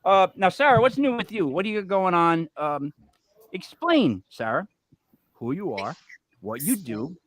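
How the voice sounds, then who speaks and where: A man's voice: high-pitched, very animated, a little slow, a bit bright, dry recording. A man hosting a casual show, telling a long joke with lots of fillers and restarts. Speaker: show host. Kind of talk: joking casual chat.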